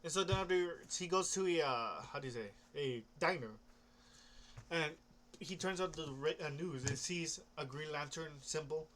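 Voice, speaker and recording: A man's voice: a little high, normal speed, a bit bright, a little hiss or hum. A young man rambling casually about comics, hesitant, restarting often and swearing offhandedly. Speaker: comic book vlogger.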